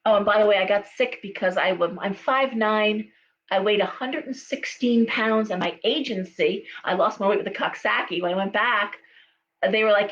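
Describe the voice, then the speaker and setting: A woman's voice: medium pitch, lively intonation, unhurried, pauses often, fairly bright tone. A middle-aged woman giving a live tarot reading, chatty and storytelling, with frequent okays and ums. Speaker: tarot reader. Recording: dull lo-fi sound with faint hum.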